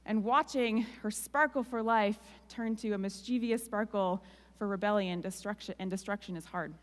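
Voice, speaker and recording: A woman's voice: mid-range voice, normal speed. A woman giving a sermon as a guest speaker, telling a personal story in a candid, emotional, conversational way with a Canadian accent. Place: church hall. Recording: long hall reverb.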